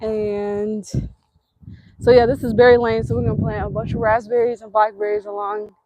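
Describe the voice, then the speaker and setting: A woman's voice: fairly high pitch, flat delivery, moderate pace, dark tone, highs cut off, slight background noise. Chatty woman touring her land. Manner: chatty, thinking aloud while walking. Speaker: homesteader giving a tour of her land. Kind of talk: casual walking tour. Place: outdoors on a rural trail. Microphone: husband's handheld camera.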